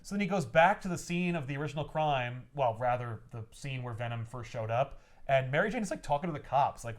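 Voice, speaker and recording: A man hosting a casual comic podcast chat, animated and swearing as he acts out scenes. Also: mid-range voice, brisk.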